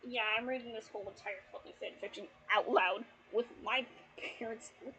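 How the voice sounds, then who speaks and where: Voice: medium pitch, steady tone, a little fast, sharp tone, slightly rough, poor audio. Exasperated swearing reader at home. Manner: exasperated, swears a lot, breaks into laughter. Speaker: YouTuber reading fanfiction aloud. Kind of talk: reading a story aloud with live commentary. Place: at home at night with family asleep.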